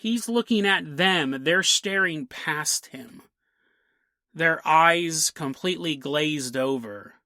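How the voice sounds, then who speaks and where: A man's voice: a little high, sharp tone, no echo, studio quality. A man hosting a podcast, telling a strange story in a casual way with frequent laughs and jokey asides. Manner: laughs often, jokey asides, voices quick characters. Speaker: podcast host.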